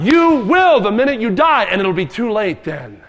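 A man's voice: high-pitched, very animated, normal speed, big-room sound. A man preaching a sermon in a church, emphatic and dramatic, acting out cries and quoted voices. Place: church sanctuary.

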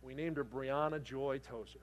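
Delivering a sermon at normal speed, a middle-aged man with a medium-pitched voice and fairly even intonation tells a story. He acts out its voices, moving between loud outbursts and quiet, tender passages.

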